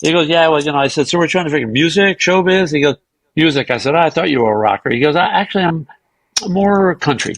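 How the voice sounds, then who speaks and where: A man guesting on a podcast rattles off lively anecdotes in a casual storytelling interview, acting out other people's lines and sometimes swearing or poking fun at himself. His voice runs high and fast, and the recording is dry and poor in quality.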